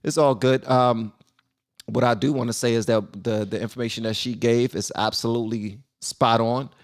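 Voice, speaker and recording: A man's voice: medium pitch, steady tone, normal speed. A man hosting a casual live stream and talking loosely, with many fillers and restarts.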